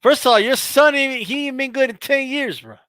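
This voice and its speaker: A male co-host trading teasing jabs in loose, casual banter and tossing "bro" into almost every line. His voice is high and bright. The recording is close and dry. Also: fairly quick, no room sound. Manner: teasing, says "bro" constantly.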